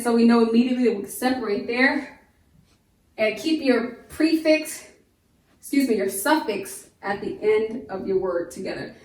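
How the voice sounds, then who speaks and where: Patient woman teacher, slow and echoey. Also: fairly high pitch, far from the mic. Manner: slow, drawn-out sounding of words, patient explaining. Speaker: homeschool teacher. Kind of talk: phonics lesson to young children. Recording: echoey room, voice off-mic.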